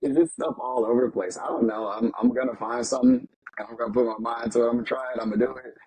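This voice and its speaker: A man talking as a guest in a casual chat, upbeat and animated, often repeating himself. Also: mid-range voice, racing, creaky, crowd noise, poor audio.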